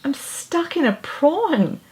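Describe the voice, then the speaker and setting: A gentle, polite storybook songbird with a high, light voice, as a woman reads her. She speaks slowly and gratefully. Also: very animated, full character voice, low-quality recording. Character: gentle female songbird from the seaside.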